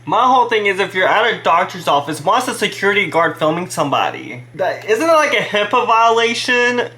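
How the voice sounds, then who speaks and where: A man's voice: sits high, very animated, fairly quick, pushed and bright. A man hosting a reaction video, giving indignant, opinionated commentary. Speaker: commentary host.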